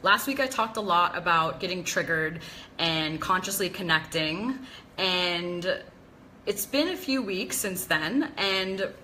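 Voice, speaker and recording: Live-stream host, woman: bright tone, confessional chatter over a faint hiss. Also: lowish voice, takes it slowly, rough recording. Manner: chatty, confessional, greets viewers by name. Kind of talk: casual live-stream talk.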